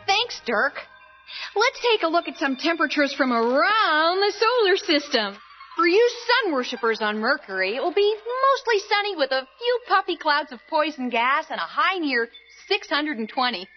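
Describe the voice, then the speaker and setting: A woman's voice: high voice, big pitch swings, normal speed. A woman playing a perky weather presenter in a spoof newscast, with a bubbly, chirpy delivery. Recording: dull lo-fi with faint music.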